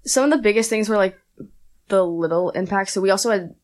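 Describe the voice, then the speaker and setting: A young woman, a guest and aspiring wrestler, telling a story in a rapid, animated casual chat full of fillers. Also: medium pitch.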